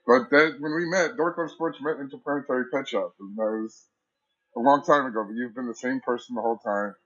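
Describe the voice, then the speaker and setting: A man in casual voice chat who praises a friend with enthusiastic, rambling warmth. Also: medium pitch, a little fast, dull audio. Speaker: community member.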